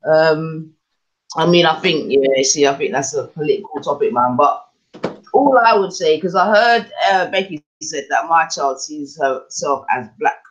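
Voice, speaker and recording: Man, podcast co-host, thinks out loud, keeps asking if you follow. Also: fairly high pitch, a little slow, lo-fi sound. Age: adult with children. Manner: musing aloud, keeps checking the listener follows. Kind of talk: casual chat.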